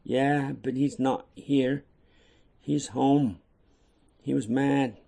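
Little boy asking Santa for a toy, read by a man, earnest, plain, gravelly. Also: mid-range voice, steady tone, very slow, mellow, exaggerated voice.

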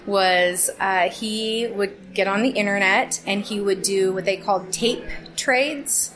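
A woman in her forties speaks steadily and fondly about a friend she has known since childhood. Her voice sits at an ordinary middle pitch and stays calm and even. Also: slow, poor audio. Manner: steady, fond recollection. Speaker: interviewee, longtime friend. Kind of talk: casual reminiscing. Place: Tacoma, Washington.

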